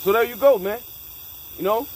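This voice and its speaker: A man's voice: high voice, moderate pace, slight background noise, rough recording. A man leading a casual scripture discussion, emphatic and profane, mixing street slang with Bible reading. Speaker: scripture study leader.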